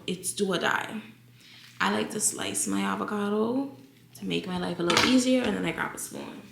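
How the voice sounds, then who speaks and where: Chatty woman vlogger with vocal fry. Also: mid-range voice, echoey room, background noise. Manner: chatty, talks straight to viewers as y'all. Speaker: lifestyle vlogger. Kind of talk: casual chatty Q&A while cooking. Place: home kitchen.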